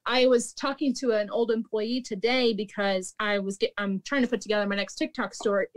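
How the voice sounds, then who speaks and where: A woman's voice: mid-range voice, steady tone, a little fast. A woman, a former restaurant manager, telling stories in a casual, chatty way, full of "like" and laughter. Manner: chatty, peppered with "like", laughs often. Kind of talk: casual storytelling chat.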